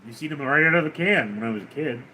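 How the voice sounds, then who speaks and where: A fast-talking livestream host with a fairly high, expressive voice and a bright, forceful tone reads viewer comments aloud. He answers them with crude, teasing banter.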